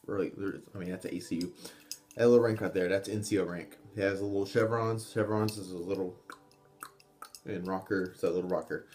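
A young man talks casually to camera in a fairly low voice, sharing tips from his training. He rambles, swears freely and keeps restarting his sentences. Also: darkish tone. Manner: rambling and profane, with frequent restarts and asides. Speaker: vlogger, army trainee.

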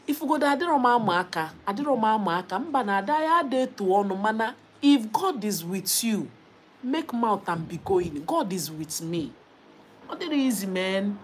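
A young Nigerian woman hosting a casual live stream, lively, reading out viewer comments and mixing in Igbo and Pidgin. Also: medium pitch, a little fast, slight background noise. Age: young adult.

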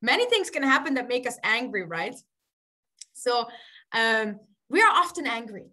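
A woman storyteller telling a story to children, animated, laughing often and asking them questions. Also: fairly high pitch, moderate pace.

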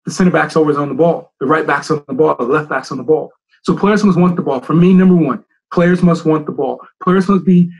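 A man's voice: fairly high pitch, slightly rough, low-quality recording. A middle-aged man who coaches soccer, giving a presentation and telling stories, repeating his key phrases for emphasis.

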